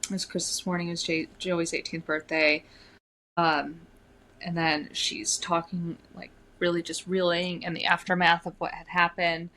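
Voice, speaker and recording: Low bright-toned woman recapping a book. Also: little pitch movement, normal speed. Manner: recaps plot with fillers, reads passages aloud. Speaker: podcast co-host. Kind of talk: casual book recap, reading quotes aloud.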